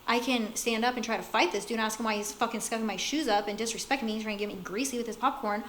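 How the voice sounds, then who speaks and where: A woman talks in a relaxed, reflective way in casual conversation. Her voice sits a little high. A faint hiss runs underneath. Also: quick pace, low-quality recording. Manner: reflective, talks about staying calm, with fillers. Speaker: guest. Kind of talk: casual chat.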